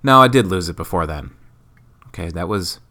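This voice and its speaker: A man in his thirties from Wisconsin talks through his solo podcast while sick. His voice sits a little low but comes across bright and forceful. He rambles, jokes at his own expense, and keeps going. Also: expressive, normal speed. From Wisconsin, USA. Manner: rambling, self-mocking, jokey. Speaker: podcast host. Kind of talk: casual solo podcast commentary.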